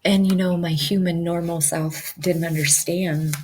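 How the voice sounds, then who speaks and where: A woman's voice: on the low side, steady tone, measured pace, noisy background. A woman hypnosis practitioner talking earnestly to her viewers, with many fillers and repeated affirmations. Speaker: QHHT practitioner. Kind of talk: casual talk to camera.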